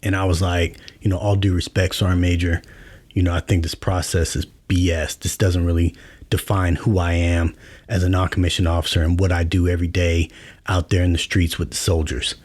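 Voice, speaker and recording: A middle-aged man hosting a podcast, telling a personal story in a relaxed, conversational way with many fillers. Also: deep voice, brisk, dry recording. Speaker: podcast host. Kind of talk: casual storytelling monologue.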